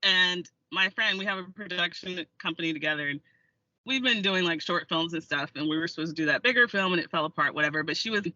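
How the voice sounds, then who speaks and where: A woman's voice: on the low side, fast, sharp tone, no echo, lo-fi sound. An American woman, an actor and filmmaker, telling stories as an interview guest and laughing often. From United States. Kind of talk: casual interview storytelling.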